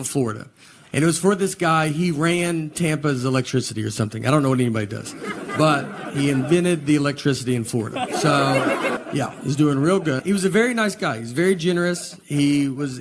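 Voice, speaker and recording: A man in his forties with a Southern US accent telling stand-up stories in a deadpan style. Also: fairly high pitch. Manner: deadpan storytelling. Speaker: stand-up comedian. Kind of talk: stand-up set. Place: comedy stage. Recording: noisy live venue recording. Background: audience laughter.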